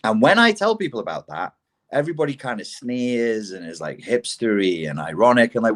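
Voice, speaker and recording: A man co-hosting a casual podcast conversation, talking in an animated way, swearing freely and building to indignant outbursts. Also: fairly low pitch, brisk. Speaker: podcast co-host.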